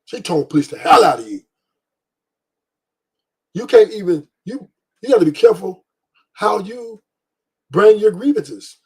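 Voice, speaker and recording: A man's voice: high voice, expressive, unhurried, pauses often, darkish tone, husky. A man hosting a livestream, ranting bluntly with profanity and repeated emphasis. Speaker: podcast host. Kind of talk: livestream commentary rant.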